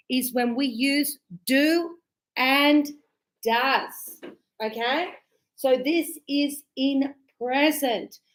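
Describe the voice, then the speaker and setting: A young woman leads an English grammar class in a high voice. She talks slowly and deliberately, repeating key phrases and checking with students as she goes. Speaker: English teacher.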